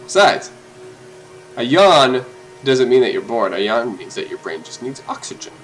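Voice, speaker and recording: A man giving casual, jokey commentary while playing a game, often gushing in a high voice. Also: moderate pace, soft background music, rough recording. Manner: excitable and jokey, jumps to high-pitched gushing. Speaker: let's play host.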